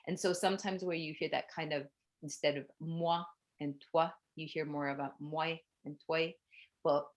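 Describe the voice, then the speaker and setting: A woman's voice: low-pitched, vocal fry. A middle-aged woman, a bike tour guide and language teacher, giving a chatty, explanatory virtual tour presentation with frequent "um" and "like".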